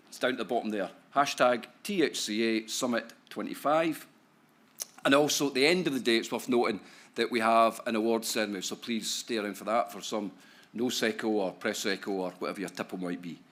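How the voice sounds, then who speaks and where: Scottish male economist, mid-pitched, joking, chatty conference speaker with lots of tag questions. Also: fairly quick, fairly bright tone. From Scotland. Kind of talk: conference talk to a live audience. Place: conference hall.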